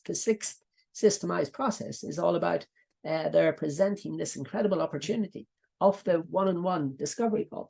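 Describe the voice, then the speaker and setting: A middle-aged coaching trainer with a Dublin Irish accent leads a live online session. The voice is gravelly and a little husky, sitting in a middle register. The delivery rambles and repeats itself, with frequent side remarks. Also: mid-range voice, warm tone. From Ireland. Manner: rambling, repetitive, breaks off into asides.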